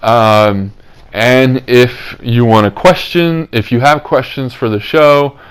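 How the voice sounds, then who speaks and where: A young man hosts a casual podcast, his fairly low voice clean in tone and normal in speed. He talks in upbeat, rambling bursts packed with fillers.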